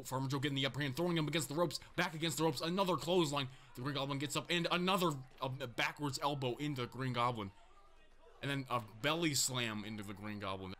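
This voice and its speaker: Young male joke commentator, bright tense voice, incredulous and excitable. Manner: excitable, incredulous, swings between loud outbursts and low mutters. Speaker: mock commentator. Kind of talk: joking play-by-play commentary.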